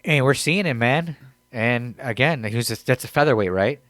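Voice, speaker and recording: A man's voice: medium pitch, expressive, moderate pace, fairly bright tone, no room sound. A man co-hosting a comedy podcast in casual chat, laid-back and rambling, with plenty of fillers. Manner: laid-back, rambling, quotes others in mock voices. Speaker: podcast co-host.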